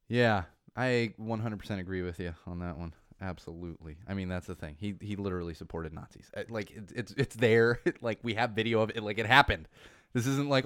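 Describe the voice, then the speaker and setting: Podcast host, man, chatty sarcastic ranter, smooth clear voice. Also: lowish voice, moderate pace, no room sound, studio quality. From California. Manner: animated, sarcastic, rambling with many asides. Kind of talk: casual podcast rant.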